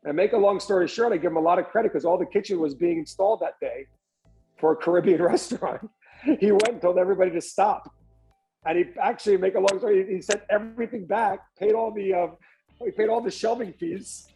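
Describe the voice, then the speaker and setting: A man's voice: sits high, fast talker, faint music behind, rough recording. A man, a restaurant entrepreneur telling his story as a podcast guest, often restarting and repeating words. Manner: animated storyteller who acts out other people's lines. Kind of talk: candid storytelling interview.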